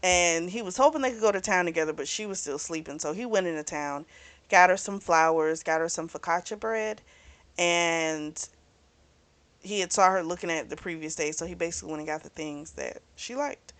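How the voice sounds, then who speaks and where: A woman's voice: on the low side, fairly quick, fairly bright tone, no echo. A woman hosting a book club channel, retelling a romance novel's plot in casual chat full of "like" and "you know".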